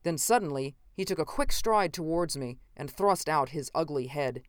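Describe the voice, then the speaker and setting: A woman narrating a science fiction audiobook in a measured, even way. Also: deep voice, no echo, studio quality. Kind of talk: scripted narration.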